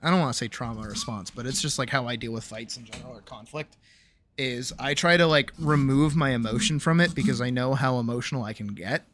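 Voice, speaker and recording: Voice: mid-range voice, a little fast, a bit bright. Hesitant streamer telling a personal story. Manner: hesitant, lots of ums and restarts, reflective. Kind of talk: candid personal storytelling to a live chat. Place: home streaming room.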